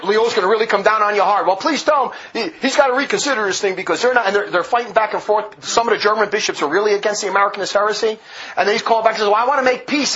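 Fiery male preacher, dull lo-fi sound. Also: bright, forceful tone. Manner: fiery, indignant, restless pitch swings. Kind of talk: impassioned sermon on church history.

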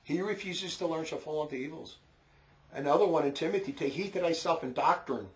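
A religious teacher with a New Jersey accent gives an informal lecture on faith, emphatic and repetitive, hammering his points and quick to scold. His voice is a little higher than most men's.

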